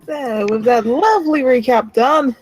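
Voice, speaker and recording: Slow, hesitant woman game master. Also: sits high, low-quality recording. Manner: hesitant, full of ums and uhs. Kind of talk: narrating a tabletop game.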